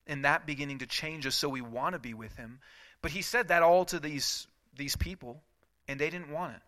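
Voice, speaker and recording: A pastor preaching a sermon, reading scripture with rising intensity and adding casual asides. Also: male voice, on the high side, sharp tone, no room sound.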